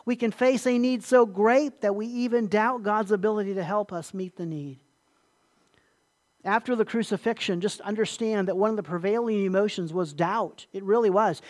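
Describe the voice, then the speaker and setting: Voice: medium pitch, normal speed. Pastor, sermon delivery; emphatic, repetitive, asks the listeners questions.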